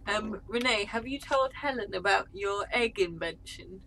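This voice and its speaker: A woman co-hosting a live drawing stream, chatting casually and teasing with playful deadpan jokes. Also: medium pitch, measured pace, gravelly, slight background noise. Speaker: stream co-host.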